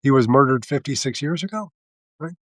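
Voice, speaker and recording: A man hosting a live video, delivering a sardonic, halting political monologue full of fillers and restarts. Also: medium pitch, lively intonation, no room sound. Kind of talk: casual political commentary monologue.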